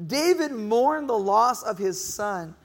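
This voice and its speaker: A man's voice: sits high, animated, slow. A middle-aged male pastor preaching a sermon, asking the congregation questions and now and then acting out a whiny moaning voice. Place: church hall. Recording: reverberant hall.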